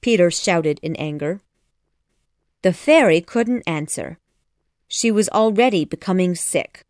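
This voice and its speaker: Slow, expressive woman narrating. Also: fairly low pitch, no echo, studio quality. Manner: measured, expressive storytelling. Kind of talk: audiobook narration.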